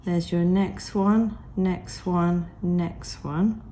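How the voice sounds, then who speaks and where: Croaky woman teaching crochet, real slow and mellow, counts every stitch, faint hiss behind. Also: lowish voice, steady tone. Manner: patient, counts stitches aloud. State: croaky, recovering from a cold. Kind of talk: step-by-step craft tutorial.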